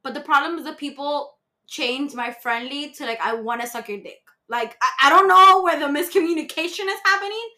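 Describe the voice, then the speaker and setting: A young woman with a high, bright voice talks as a podcast guest. She is blunt and animated, and she swears freely as she tells her stories. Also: brisk. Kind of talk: casual podcast chat.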